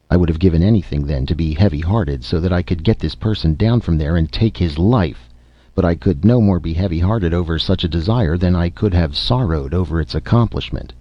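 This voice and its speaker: Deep-voiced man reading a story aloud. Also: no room sound, muffled recording. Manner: dramatic, theatrical delivery. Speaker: narrator. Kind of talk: audiobook reading.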